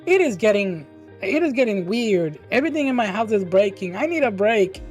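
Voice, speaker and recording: A woman hosting a casual livestream podcast, reading viewer questions aloud, bubbly and quick to laugh and exclaim. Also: medium pitch, sing-song, a little mellow, faint music behind. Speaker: podcast host and streamer.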